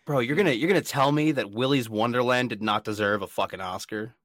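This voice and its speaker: A man's voice: medium pitch, fast, fairly bright tone, no room sound, studio quality. A man hosting a casual podcast, laid-back and jokey with plenty of swearing, speaking into a podcast microphone. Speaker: podcast host.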